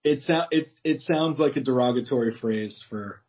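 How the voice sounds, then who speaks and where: A man's voice: medium pitch, normal speed. A man chatting casually as a podcast co-host, teasing his friend sarcastically and laughing often. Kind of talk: casual banter. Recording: slightly dull lo-fi audio.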